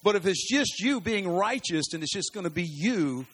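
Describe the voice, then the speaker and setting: A man preaching a sermon in an animated, folksy storytelling way, swinging from loud bursts to hushed lines. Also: sits high, moderate pace, slightly rough.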